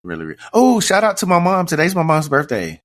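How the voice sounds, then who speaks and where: A man chats as a podcast co-host, excitable and quick to murmur along. His voice swings widely up and down as he talks. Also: on the high side. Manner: chatty, excitable, lots of agreeing murmurs. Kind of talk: casual chat.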